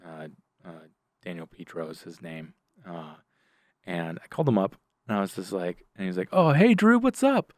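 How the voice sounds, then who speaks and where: A man's voice: low-pitched, moderate pace, dry recording, studio quality. A middle-aged man, a guest on a podcast, telling war stories in casual talk, acting out the people he quotes. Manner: animated, acts out the voices of people in his stories; many fillers and restarts. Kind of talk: casual storytelling in a podcast interview.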